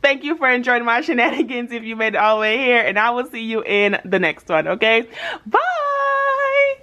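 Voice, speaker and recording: A woman's voice: fairly high pitch, quick pace. A woman vlogging about her budget in a casual, playful chat, telling stories with lots of laughter and slang. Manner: animated storytelling with frequent laughter; playful slangy banter with viewers.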